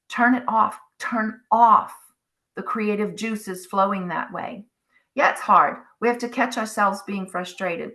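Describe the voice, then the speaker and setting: Woman, middle-aged, unhurried delivery, bright clear tone, soothing self-help guide. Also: mid-range voice. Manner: slow, soothing, acts out inner voices. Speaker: spiritual wellness channel host.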